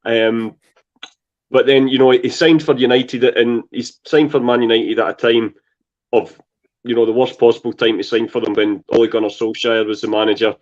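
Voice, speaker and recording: A man co-hosting a football podcast, talking in a measured, analytical way, recorded on dull lo-fi audio. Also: medium pitch, fairly even intonation. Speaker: podcast co-host. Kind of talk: casual football chat.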